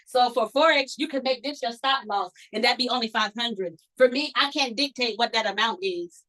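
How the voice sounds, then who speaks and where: A woman speaking leads a trading lesson in a loose, animated way. Her voice sits high and sounds bright. She keeps slipping into little acted-out quotes of her past self. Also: moderate pace, rough recording. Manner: animated, acts out her own past thoughts. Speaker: trading instructor. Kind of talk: casual teaching talk.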